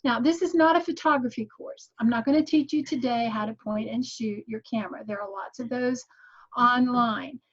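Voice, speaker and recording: A woman's voice: fairly high pitch, moderate pace, highs cut off. Encouraging woman teacher on a call. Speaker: guest teaching graphic design. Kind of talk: online tutorial talk.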